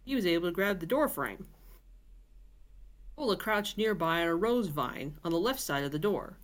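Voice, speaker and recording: Lively low-voiced woman reading a novel. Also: normal speed. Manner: chatty asides and filler words. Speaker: podcast host reading a novel aloud. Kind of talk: casual storybook reading.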